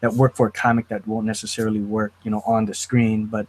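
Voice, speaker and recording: A man hosting a casual review chat, talking in an animated, riled-up way. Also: on the low side, fast talker, a little hiss or hum. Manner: animated, riled up, quotes lines in put-on voices. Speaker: host.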